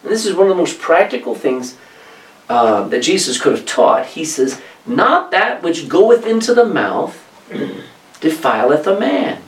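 A man delivers a sermon, reading scripture aloud and breaking off into his own asides. His voice sits a little high and swings widely in pitch. He sounds distant from the mic in an echoing room. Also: a little slow. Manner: animated, reads scripture aloud and explains it with asides. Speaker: preacher.

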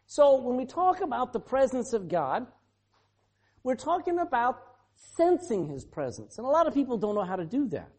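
Preacher with a lively, swooping pitch. Animated sermon delivery, firing questions at the congregation. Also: normal speed. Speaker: pastor.

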